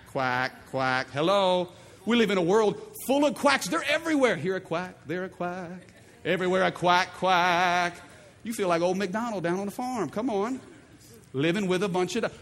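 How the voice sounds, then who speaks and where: A middle-aged male pastor preaching with a high, lively voice that swoops up and down, full of playful call-and-response. His sermon rings out with the long reverb of a large church hall, with faint room ambience behind it.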